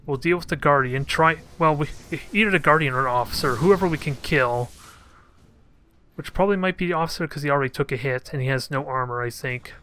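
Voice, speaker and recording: A man's voice: a little high, fairly quick, pushed and bright. A man commenting casually on his own strategy gameplay, thinking aloud and cracking joking asides at his units. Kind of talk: casual let's play commentary.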